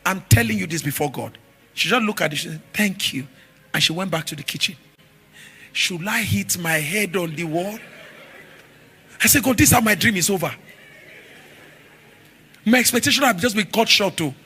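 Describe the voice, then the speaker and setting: A man preaching a sermon, telling stories with animated shifts from shouts to murmurs. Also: high-pitched, moderate pace, pauses often, breathy edge. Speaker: pastor.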